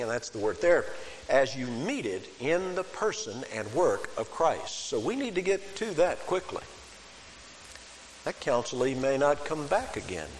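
A man preaching an expository sermon, emphatic and pressing, jumping up in pitch on key words. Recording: hall reverb with faint hiss.

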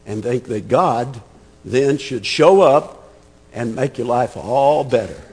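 Slow, lively husky male preacher. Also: medium pitch, big-room sound. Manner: emphatic, conversational, repeats words while thinking. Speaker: pastor. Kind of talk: expository sermon.

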